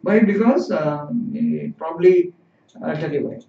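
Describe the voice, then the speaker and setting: A man's voice: a little high, a little slow, vocal fry. A man teaching a live-streamed language lesson, explaining patiently and repeating phrases. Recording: roomy, distant, dull sound.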